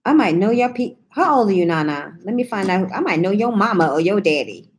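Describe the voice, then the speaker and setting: Telling a story to her viewers, a New York vlogger speaks fairly quickly in an expressive, mid-range voice, with a little hiss or hum in the audio. The chat is casual and sassy, and she teases and swears freely while answering comments.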